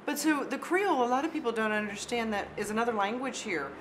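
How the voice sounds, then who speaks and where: A woman's voice: on the high side, animated, fast talker. A middle-aged woman hosting a radio talk show, upbeat and enthusiastic as she interviews a guest. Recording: radio recording with background noise.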